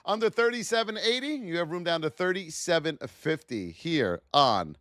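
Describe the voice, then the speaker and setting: A man hosting a live trading stream, calling price levels with energetic, hype-filled, sing-song talk. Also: on the high side, moderate pace, dry recording, studio quality. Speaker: trading livestream host. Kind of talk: live market commentary.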